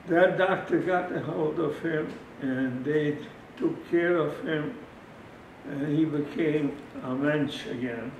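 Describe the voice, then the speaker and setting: An older man tells his story in a gravelly, slightly higher voice, acting out each exchange with halting restarts. He sits some distance from the mic in an echoey room with steady background noise. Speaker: interviewee recounting wartime memories. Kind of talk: oral history testimony.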